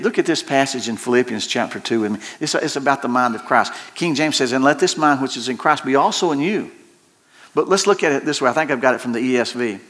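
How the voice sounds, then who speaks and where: A man preaching a sermon, telling stories in a folksy way, laughing and swinging his voice up and down. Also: bright, forceful tone. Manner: folksy storytelling with laughs and shifting pitch. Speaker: pastor.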